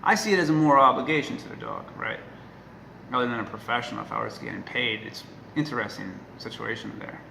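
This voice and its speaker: A man talking casually to the camera as a dog trainer, earnest and emphatic, often checking in with a quick "right?". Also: medium pitch, gravelly, pushed and bright. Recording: echoey room with faint noise.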